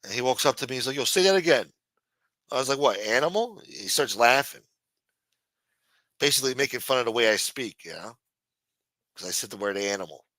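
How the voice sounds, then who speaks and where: A man's voice: mid-range voice, brisk, pauses often, sharp tone, no room sound. A man from New York with a New York accent hosting a late-night show, rambling and swearing in a sarcastic casual monologue. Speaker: host.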